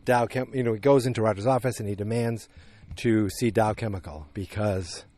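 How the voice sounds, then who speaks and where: Lower-voiced man rambling through a recap. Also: normal speed. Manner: rambling, animated retelling with acted quotes. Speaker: podcast host. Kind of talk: casual episode recap.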